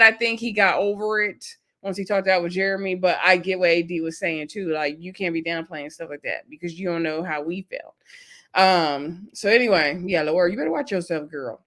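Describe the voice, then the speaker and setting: A woman's voice: medium pitch, fairly bright tone. A woman casually recapping a reality show episode, acting out quotes in different voices and laughing between remarks.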